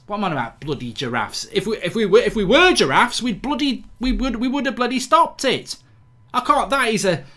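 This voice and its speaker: A man's voice: high-pitched, bright, forceful tone. A man hosting live football reaction commentary, ranting and swearing in exasperation at his team's play. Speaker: football fan channel host.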